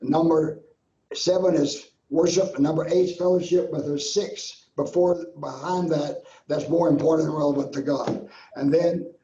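A man's voice: on the high side, steady tone, normal speed, warm tone. An older man, a guest minister, tells a personal testimony in an earnest, repetitive preacher's cadence. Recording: roomy, dull lo-fi sound.

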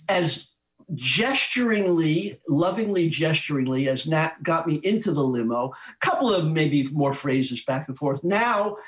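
An older man, a musician interviewed, telling a long anecdote in an animated way with chuckles and restarts. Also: fairly high pitch, low-quality recording. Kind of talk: anecdotal storytelling.

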